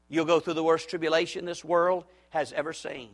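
Impassioned male preacher, loud then hushed. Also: flat delivery, fairly quick. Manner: swings from loud urgent shouting to low hushed pleading. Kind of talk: evangelistic sermon.

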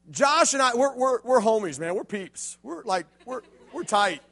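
Youth preacher, male, very high bright voice, lively jokey storyteller doing character voices. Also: moderate pace, creaky. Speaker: youth pastor. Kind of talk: animated youth sermon with acted stories.

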